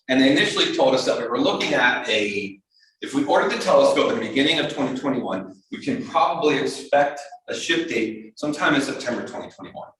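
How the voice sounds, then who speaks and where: A man giving a storytelling talk to an astronomy club, lively and acting out the voices of other people. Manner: animated, acts out quoted voices in a higher pitch. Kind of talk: storytelling lecture. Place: community hall talk. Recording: very echoey hall, speaker far from mic.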